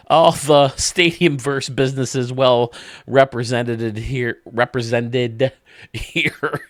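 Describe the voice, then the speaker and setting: A man with a fairly low voice hosts a gaming channel, chatting casually about what he sees. He gushes and rambles, breaking into laughs often. The recording is close and dry, with no room sound. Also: fairly bright tone, smooth, no echo. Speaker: video game channel host. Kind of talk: casual gameplay commentary.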